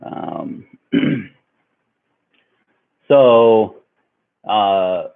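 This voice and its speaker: A man's voice: on the low side, animated, very slow, gravelly. Rambling young man telling a story. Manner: rambling, laughing storyteller with many fillers. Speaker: vlogger. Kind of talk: storytime vlog. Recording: tinny phone-like sound.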